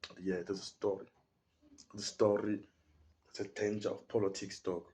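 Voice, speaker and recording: A man's voice: lowish voice, little pitch movement, normal speed, warm tone. A young man with a South African accent, telling a story in a casual podcast chat, full of slang and acting out the people in it. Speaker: podcast guest.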